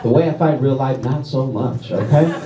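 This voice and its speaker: A young man from Louisiana works through a stand-up set, mocking himself and tossing quick check-ins at the crowd. His voice sits in a middle range and carries the echo of a live room. He is caught from a little way off the mic, with loud audience laughter around him. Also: mid-range voice. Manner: self-deprecating, checks in with the crowd with "all right?" and "okay?". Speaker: stand-up comedian. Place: comedy club stage. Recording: roomy club sound from a distant mic with loud crowd.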